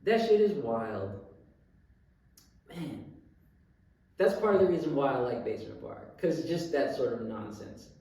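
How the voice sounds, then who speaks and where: A young man co-hosting a podcast, telling stories in an animated, profane, casual way. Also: mid-range voice, a little slow, pauses often. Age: young adult. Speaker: podcast co-host. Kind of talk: casual chat. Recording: roomy, distant mic.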